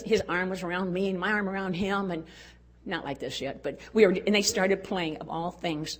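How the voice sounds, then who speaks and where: An older woman speaking at a women's conference, telling a personal story in an earnest way and dropping to a hush at tender moments. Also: lowish voice, breathy edge. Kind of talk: storytelling talk.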